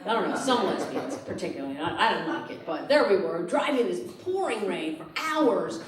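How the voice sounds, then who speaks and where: Animated woman doing stand-up on stage. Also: lowish voice, brisk. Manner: animated, acting out quoted voices, laughing through lines. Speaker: stand-up comedian. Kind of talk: stand-up comedy set. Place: theatre stage before a live audience. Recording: roomy live theatre recording, mic at a distance, audience noise. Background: audience laughter.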